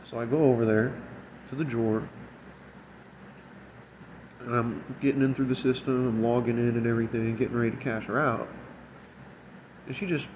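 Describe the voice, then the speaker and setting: A man in a casual, profanity-laced rant about a bad night at work. His voice sits at an ordinary middle pitch, and he slips into mocking voices when quoting people. A faint air conditioner hums in the room behind him. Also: fairly even intonation, moderate pace, pauses often, darkish tone, slight background noise, rough recording. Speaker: restaurant shift manager.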